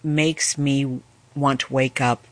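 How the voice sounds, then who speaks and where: A woman's voice: very deep voice, little pitch movement, slow, dry recording. A woman who runs a community archive, speaking in an interview with an earnest, heartfelt manner. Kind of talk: interview speech. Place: archive room.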